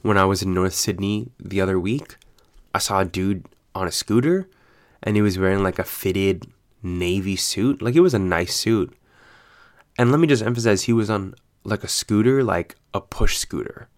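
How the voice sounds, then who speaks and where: Man, casual solo chat, animated, swears a lot, laughs often, lowish pitch. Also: moderate pace. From United States. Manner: animated, profane storytelling with frequent laughs.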